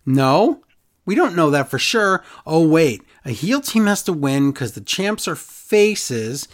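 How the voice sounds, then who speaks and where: A man's voice: on the high side, sing-song, slow. A man co-hosting a casual wrestling recap chat, sarcastic and exasperated. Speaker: podcast co-host.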